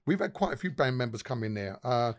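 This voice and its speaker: A man's voice: mid-range voice, big pitch swings, quick pace. A man, a pub owner, telling rambling, profane anecdotes as a podcast guest. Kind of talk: casual podcast storytelling.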